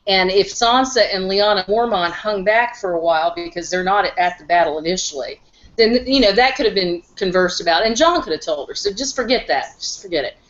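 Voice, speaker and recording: A woman's voice: mid-range voice, fairly quick. Middle-aged woman, chatty, muffled audio. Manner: animated, chatty, addresses others directly. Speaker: guest panelist, the host's mother. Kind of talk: casual discussion.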